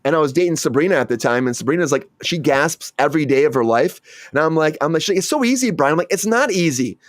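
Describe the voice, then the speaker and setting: Male host, actor, animated storyteller; slightly high voice, dry close recording. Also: quick pace, dry recording. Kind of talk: casual chat.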